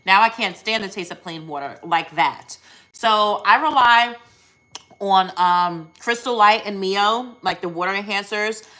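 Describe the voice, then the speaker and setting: A young American woman talks casually to viewers on a live stream, upbeat and chatty, often pausing with ums and correcting herself. Her voice sits in a middle pitch with a bright, forward tone. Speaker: weight loss surgery vlogger hosting a live stream.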